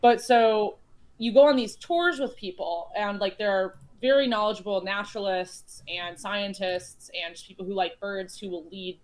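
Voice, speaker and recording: A woman's voice: medium pitch, fairly even intonation, moderate pace. A woman from Chicago, a guest in a casual chat, telling long rambling stories with lots of fillers and restarts. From United States (Chicago). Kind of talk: casual chat while playing a board game.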